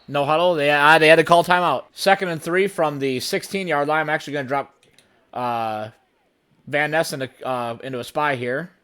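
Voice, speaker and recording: A man talking through his own game session as he plays, calling each move in a running play-by-play. His voice sits a little high, and he bursts into loud excitement when plays go wrong. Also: clean tone. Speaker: gaming channel host. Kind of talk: let's play commentary.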